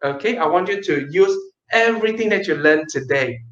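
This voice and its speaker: A man teaching an online kids' storytelling class, lively and playful, with dramatic pauses. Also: fairly high pitch, echoey room, dull audio.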